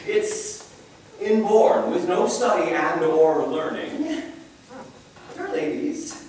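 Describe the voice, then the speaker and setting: A vain, pompous young dandy, played by a man on stage, swoops through rhyming verse in a high, wildly swinging voice, now and then breaking into song. He takes his time over every line. The sound comes from far off in a very echoey hall. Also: slight background noise, heavily acted. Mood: swooning. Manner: flamboyant rhyming declamation with sung snatches. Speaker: stage actor. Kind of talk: live theatrical verse monologue. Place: university hall with a live audience.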